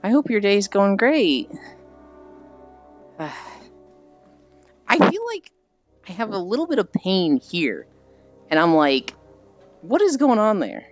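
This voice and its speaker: A woman's voice: medium pitch, big pitch swings, slow, long pauses, lo-fi sound, faint music behind. A woman streamer chatting casually and rambling with frequent giggles while she walks. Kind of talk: casual chat while walking.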